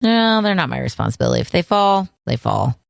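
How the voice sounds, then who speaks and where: A woman's voice: low-pitched, big pitch swings, fairly quick, vocal fry, no room sound. Playful woman co-host, dry mic. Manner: playful, teasing, laughs often. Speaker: podcast co-host. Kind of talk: casual chat.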